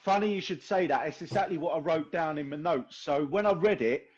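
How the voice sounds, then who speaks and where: Hoarse young male podcast host, laddish banter, slightly high voice, dull lo-fi call audio. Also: fairly quick. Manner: laddish, swearing, laughing. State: hoarse, tired voice. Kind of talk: casual chat over a video call. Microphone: video call.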